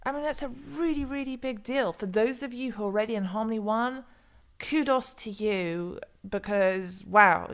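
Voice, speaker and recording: A woman's voice: mid-range voice, gravelly. A middle-aged woman hosting a casual solo commentary video, chatty and rambling, often stumbling over names and restarting. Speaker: crypto video host.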